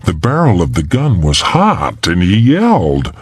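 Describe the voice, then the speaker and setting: A man's voice: wildly swooping pitch, unhurried, breathy edge, dry recording. A man narrating a thriller audiobook in a dramatic, tense manner. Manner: dramatic and tense, pitch climbing in the frightening moments.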